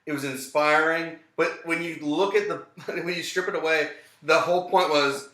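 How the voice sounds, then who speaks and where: A man in his mid-thirties, a comedian, makes dry, sarcastic jabs in a relaxed chat. His voice is bright and a little high. It bounces around a small, echoey room. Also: moderate pace. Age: 30s. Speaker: guest comedian. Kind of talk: casual drunk chat. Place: small apartment.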